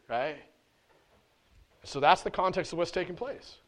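Animated, conversational male preacher. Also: on the high side, measured pace. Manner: animated and conversational, with casual slang. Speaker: pastor. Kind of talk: sermon. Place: church.

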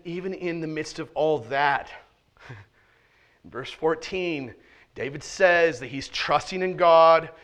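A pastor preaching a sermon in a conversational, emphatic way, often checking in with "right?" and swinging between intense loud stretches and quiet asides. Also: male voice, fairly high pitch.

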